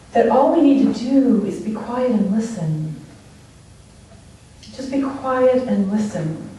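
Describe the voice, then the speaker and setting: A woman giving a conversational sermon at a church, telling stories and laughing often. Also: on the high side. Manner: storytelling, animated, laughs often. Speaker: speaker at a church service. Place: church sanctuary. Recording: distant mic in an echoey room.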